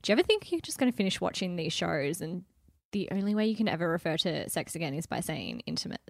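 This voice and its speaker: A woman with a fairly low voice co-hosts a podcast, her pitch swinging widely as she talks. She is wry and teasing in relaxed banter. The sound is close and dry. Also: quick pace, vocal fry, dry recording. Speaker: podcast co-host. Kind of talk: casual chat recapping a reality show.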